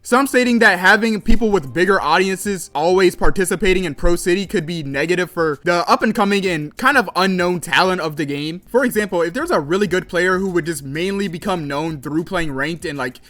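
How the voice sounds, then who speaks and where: A young man with a fairly high voice talks through a gaming commentary video. His delivery is casual and loose, full of "like" and "kinda". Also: fairly quick, hardly any pauses, sharp tone. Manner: casual, with frequent fillers like "like" and "kinda". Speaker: gaming content creator.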